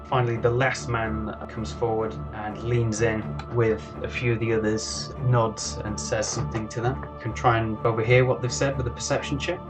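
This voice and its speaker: A British man narrates a tabletop adventure as game master, relaxed and descriptive, with a few stumbles. Soft background music plays under his voice. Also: mid-range voice. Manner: relaxed, descriptive, a little halting.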